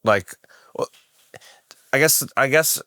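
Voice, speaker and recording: A man's voice: mid-range voice, takes it slowly, pushed and bright, dry recording, clean studio sound. A man hosting a podcast, talking casually in a rambling way with many restarts. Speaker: podcast host.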